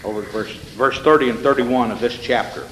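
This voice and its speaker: A man's voice: mid-range voice, brisk, fairly bright tone, a little hiss or hum. A male pastor giving an evening sermon in a church, reading scripture and pressing points with rhetorical questions and folksy asides. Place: church sanctuary. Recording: echoey hall with long reverb.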